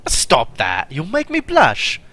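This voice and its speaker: A man voicing a gruff, grumbling female mechanic with a Yorkshire accent, brusque and impatient. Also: a little high, huge pitch swings, takes it slowly, pushed and bright, voice pushed up, exaggerated voice. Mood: cheerful.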